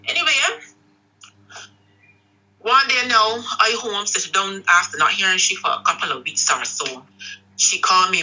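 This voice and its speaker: A woman's voice: mid-range voice, brisk, husky, low-quality recording. A middle-aged Barbadian woman, an interview guest, candidly telling a story about her daughter and acting out the quoted dialogue. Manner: animated, acts out quoted dialogue.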